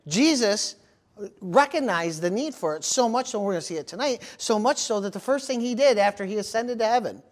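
High-pitched male pastor, storytelling sermon delivery with frequent amens. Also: fairly quick. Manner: animated storytelling with amens and praise interjections.

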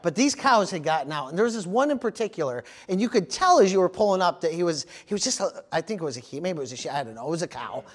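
Man, pastor, high voice, animated sermon, amens and praise interjections. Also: quick pace, hardly any pauses.

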